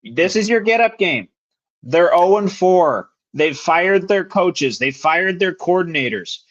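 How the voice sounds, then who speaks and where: A man's voice: sits high, expressive, unhurried, a bit bright, dull audio. A young man co-hosting a sports podcast, bluntly breaking down a football game in casual chat. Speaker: podcast co-host.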